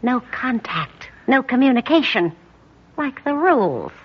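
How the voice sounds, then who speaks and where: A woman's voice: a little high, very animated, measured pace, breathy edge, heavily acted. An actress playing a cagey young beatnik woman who talks in hip slang, in a 1950s radio drama. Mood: knowing. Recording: dull old radio recording.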